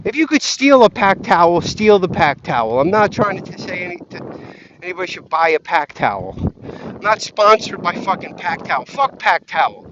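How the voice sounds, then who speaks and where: A high-pitched man rants as he walks, swearing freely and drifting from point to point. The recording is muffled and lo-fi. Light wind noise rustles behind him. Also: big pitch swings, normal speed. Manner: profane, scattered, easily distracted. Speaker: vlogger. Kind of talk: rambling walk-and-talk rant. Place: outdoors on a windy walk.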